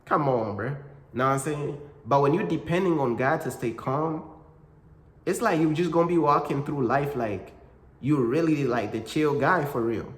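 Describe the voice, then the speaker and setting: A man's voice: fairly high pitch, normal speed. Slangy man preaching in an echoey room. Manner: slangy, repeats "bro" and "you know what I'm saying". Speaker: Christian content creator. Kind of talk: casual faith talk to camera. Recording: echoey room with long reverb.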